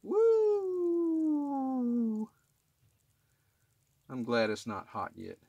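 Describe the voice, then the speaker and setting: A middle-aged man with a slightly low voice walks through a hands-on repair job in an attic. He talks plainly and casually, filming himself as he works and pausing to ask "okay?" so viewers keep up. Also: a bit bright, no echo, highs cut off. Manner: plain-spoken, repeats "okay?" to check in with viewers. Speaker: HVAC technician demonstrating maintenance. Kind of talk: casual how-to demonstration. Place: residential attic. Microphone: camera filming himself while working.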